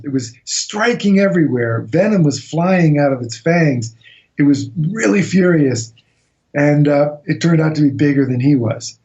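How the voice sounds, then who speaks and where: A man with a somewhat high voice tells a jungle tale as a guest on a radio show. He tells it as a lively anecdote and slips into other people's lines as he goes. The sound comes through a dull, lo-fi line. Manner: animated anecdotal storytelling, acts out quotes. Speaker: guest author recounting an expedition. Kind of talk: storytelling in a radio interview.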